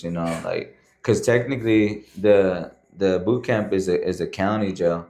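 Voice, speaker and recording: A man's voice: low-pitched, moderate pace, darkish tone. A man who is a podcast guest, telling his story in a loose, conversational way full of fillers and frequent "man" and "bro". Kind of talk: casual storytelling.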